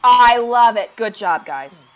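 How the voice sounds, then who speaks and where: A woman improv performer running a live game over a video call, playful and animated. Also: fairly high pitch, takes it slowly. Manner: animated, bursts into gibberish sounds.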